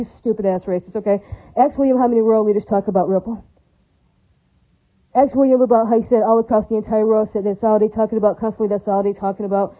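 A woman's voice: fairly high pitch, fairly even intonation, warm tone, rough recording. A woman in an unscripted rant, repeating herself, swearing and breaking into religious praise. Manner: fast, repetitive, profane and indignant, with religious praise.

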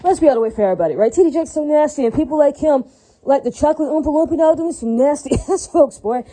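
A woman's voice: high voice, expressive, fast, warm tone, low-quality recording. A woman ranting alone in an unscripted monologue, swearing freely and repeatedly asking whether her listeners follow. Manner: profane, repetitive, keeps asking "right?" and "does that make sense?".

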